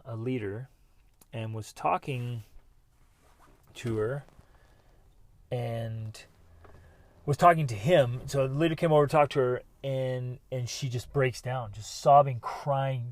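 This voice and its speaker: A middle-aged man hosting a motivational podcast, talking earnestly and breaking into bursts of excitement. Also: mid-range voice, dry recording. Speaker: podcast host.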